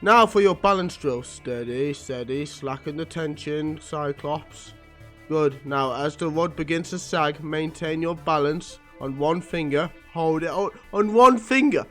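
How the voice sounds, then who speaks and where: A man's voice: a little high, unhurried, fairly bright tone, faint music behind. A man reading a comic aloud, voicing a stern old male telepathic professor who drills his students. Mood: commanding. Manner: commanding, drilling.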